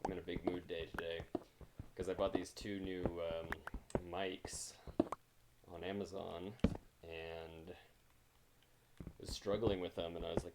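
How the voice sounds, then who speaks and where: A man's voice: low voice, flat delivery, unhurried, pauses often. A man chatting casually with his viewers during a livestream, rambling and self-deprecating, talking into a mic set close in front of him. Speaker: game streamer. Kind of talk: casual livestream chat while gaming. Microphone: new mic mounted close in front of him. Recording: loud background noise.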